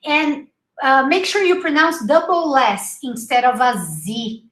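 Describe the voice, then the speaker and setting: A woman whose first language is Portuguese, teaching English pronunciation in a live online class and slowly repeating each word for her students. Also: high-pitched, lively intonation, a bit bright. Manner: drills words slowly and repeats them. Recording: echoey room.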